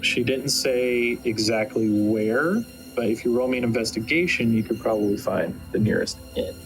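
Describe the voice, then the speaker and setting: A man's voice: mid-range voice, normal speed, soft background music, poor audio. A man narrating a tabletop game as game master, rambling with many fillers.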